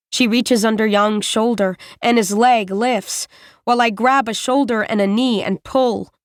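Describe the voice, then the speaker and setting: A woman reading a first-person novel aloud as an audiobook narrator, in a measured, deliberate way. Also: fairly high pitch, steady tone, no room sound, clean studio sound.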